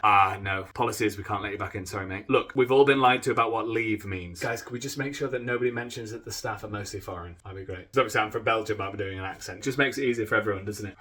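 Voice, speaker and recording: A man's voice: on the low side, bright, forceful tone. A man, a comedian performing satirical sketches with dry, sarcastic asides.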